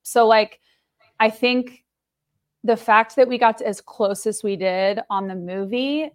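A woman's voice: a little high, measured pace, clean tone. A woman co-hosting a podcast in casual chat, joking and swearing as she tells stories. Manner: animated, joking storyteller who swears. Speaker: podcast co-host.

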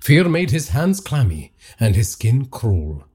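Husky male horror narrator. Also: medium pitch, slow. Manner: dramatic, expressive.

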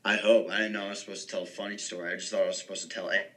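A man's voice: low voice, flat delivery, racing, pushed and bright, rough recording. A young man co-hosting a podcast, rambling through a story in casual chat. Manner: rambling, self-deprecating. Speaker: podcast co-host.

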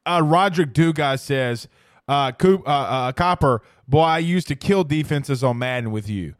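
A man co-hosting a casual sports podcast, excitable and animated, jumping between quick banter and self-corrections. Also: a little high, no room sound, clean studio sound. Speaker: podcast co-host.

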